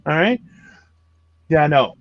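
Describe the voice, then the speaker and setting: A man's voice: a little high, very animated, takes it slowly, dull audio, over a noisy crowd. A man, a comedian, riffing profanely in casual chat and ranting with acted-out voices. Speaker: comedian podcast co-host.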